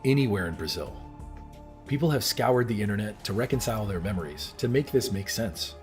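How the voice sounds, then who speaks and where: A man's voice: on the low side, lively intonation, brisk, darkish tone, soft background music. A man in his thirties giving earnest, scripted narration and asking the viewers questions directly. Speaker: video narrator.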